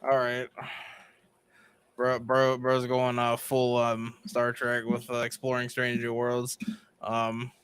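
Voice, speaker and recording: A man's voice: medium pitch, monotone, takes it slowly, fairly bright tone, clear, resonant tone, dry recording. A man co-hosting a gaming podcast, talking in an easygoing, hesitant way with many fillers. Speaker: podcast co-host. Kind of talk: casual gaming podcast chat.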